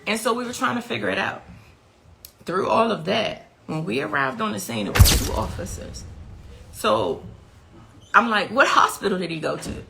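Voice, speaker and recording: Grieving mother giving interview testimony; gravelly, frantic retelling. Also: medium pitch, expressive, normal speed, pauses often, bright, forceful tone, slight background noise. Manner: recounts events with rising, frantic intensity.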